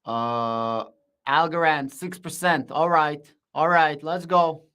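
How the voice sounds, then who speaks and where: A man hosting a live stream, shouting with excitement in casual slang and answering viewers' comments. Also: fairly high pitch, slow pace, a little hiss or hum. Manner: shouting, hyped, slangy, reads chat aloud.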